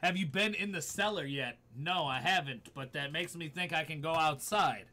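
A man's voice: fairly high pitch, normal speed, bright, forceful tone. A man streaming a horror game live, swearing freely, startling easily and talking back to his chat. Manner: profane, jumpy, talks back to chat. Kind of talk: live gaming stream commentary. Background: game music.

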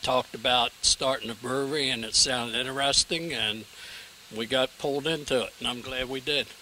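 A male brewery partner with a bright tone and an ordinary pitch. He answers briefly and in a laid-back way, with a faint hiss behind him. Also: normal speed, poor audio. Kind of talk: interview answers.

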